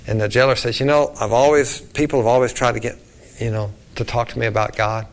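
A man who is a pastor, telling a story in a sermon and dropping to a hushed voice for the quoted lines. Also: medium pitch, steady tone, a little fast, slight background noise.

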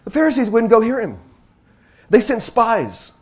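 His voice very high and husky, a man preaches a sermon to the congregation. He lowers to slow, hushed moments and rises to loud, excited exclamations, repeating phrases to stress them.

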